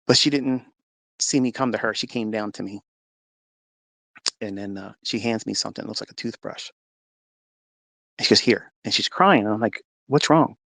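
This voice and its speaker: Gravelly man telling a personal testimony. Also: fairly low pitch, fairly even intonation, moderate pace, pauses often, sharp tone, no echo. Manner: earnest storytelling, reenacting his own past words; religious. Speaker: trading mentor. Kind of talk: personal testimony told to an audio-chat audience.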